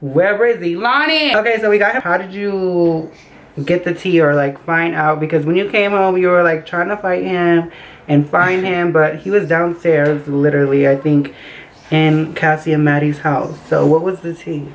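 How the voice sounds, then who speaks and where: A young woman telling a story casually in her bedroom, animated and acting out the quotes. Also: low voice, moderate pace, poor audio. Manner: animated, acts out quotes with voices. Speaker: storytime vlogger. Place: bedroom by a window.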